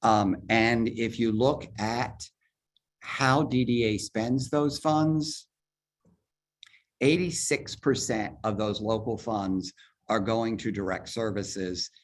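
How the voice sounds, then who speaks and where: A man heading an agency, walking a virtual public forum through budget figures step by step on a video call, talking fast and explaining as he goes. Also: on the low side, steady tone. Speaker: agency head presenting a budget. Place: virtual meeting, speaking from home or office.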